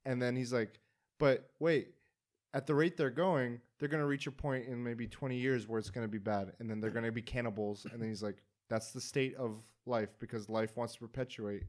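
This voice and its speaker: A man's voice: medium pitch, fairly quick. A man hosting a casual podcast chat, retelling a story with acted-out quotes and lots of fillers. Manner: animated storyteller, acts out quotes. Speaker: podcast host.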